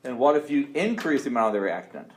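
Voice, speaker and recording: Fast and full of big pitch swings, a mid-range male voice leads a college chemistry lecture. He keeps things upbeat, quizzes the class, and often restarts his phrasing, all in a roomy space with faint noise.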